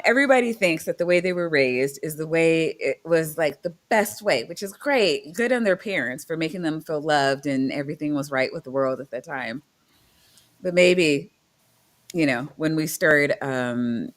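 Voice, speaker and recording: An adult guest rambling through a casual chat, voice sitting at an ordinary middle pitch. They wander off topic, restart sentences and pad them with fillers. Mild swearing drops in naturally. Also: fairly bright tone. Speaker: guest on a debunking show.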